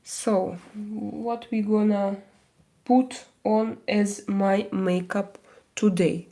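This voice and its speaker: A woman's voice: medium pitch, steady tone, drawn-out words, vocal fry, warm tone. A woman hosting a casual livestream, chatting with viewers in a loose, rambling way with many fillers. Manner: chatty, many fillers and restarts, switches into mock-Spanish bits. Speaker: livestream host. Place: home, doing makeup on stream.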